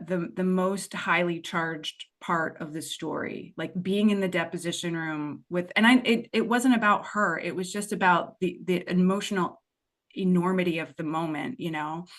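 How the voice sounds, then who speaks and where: A woman guest on a podcast telling a personal story candidly and expressively, wandering off into side remarks as she goes. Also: lowish voice. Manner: expressive, digressive storyteller who acts out her past self. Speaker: podcast guest, money mindset and tapping coach.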